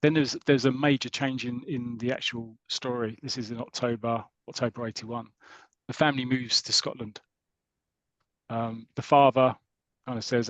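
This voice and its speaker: A man's voice: medium pitch, little pitch movement, normal speed, a bit bright, no echo, poor audio. Chatty man retelling a comic plot. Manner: rambling, retells plot with quoted voices and laughs. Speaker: podcast co-host. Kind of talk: casual chat retelling a comic story.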